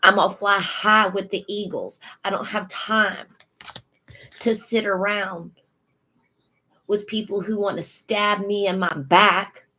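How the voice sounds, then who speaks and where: Slow sassy lady reading tarot for her viewers, emphatic and blunt. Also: medium pitch, steady tone, sharp tone, poor audio. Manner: sassy, emphatic, laughs often. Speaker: tarot reader. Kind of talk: casual spiritual tarot reading.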